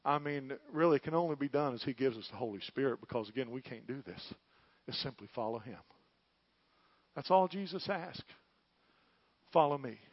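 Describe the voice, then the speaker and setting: A man preaching a sermon, with an impassioned delivery that swells to loud peaks. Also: medium pitch, husky, no room sound, highs cut off.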